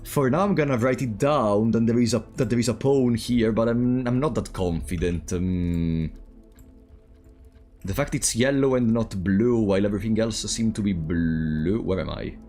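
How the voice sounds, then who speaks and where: A man's voice: fairly low pitch, normal speed, faint music behind. A man streaming a puzzle game, thinking aloud and bantering with his chat. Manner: thinking aloud, chatting with viewers, animated swings. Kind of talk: casual let's-play commentary.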